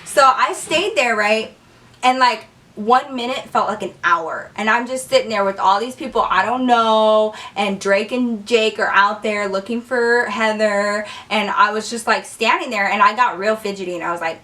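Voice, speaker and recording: A young woman telling a story in a casual, animated way, cursing freely and saying "like" a lot. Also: medium pitch, moderate pace, recorded from a distance. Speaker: vlogger.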